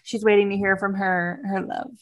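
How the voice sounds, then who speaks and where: A woman co-hosting a relaxed watch-along chat. Her pitch is in the middle range for a woman. She makes dry, teasing remarks about what she is watching. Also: normal speed. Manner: wry, teasing commentary. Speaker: co-host watching a show along with listeners.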